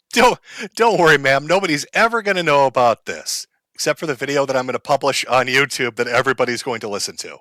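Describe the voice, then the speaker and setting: A man's voice: a little high, no room sound, studio quality. A male streamer giving crude, mocking comedic commentary on a played clip. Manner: loud, mocking, profane.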